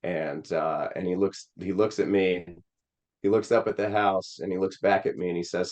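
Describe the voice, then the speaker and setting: A man's voice: deep voice, fairly even intonation, normal speed, a little mellow, highs cut off. A man from Missouri, a Senate candidate, telling a personal story in an interview in an earnest, rambling way with many fillers. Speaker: Senate candidate, podcast guest.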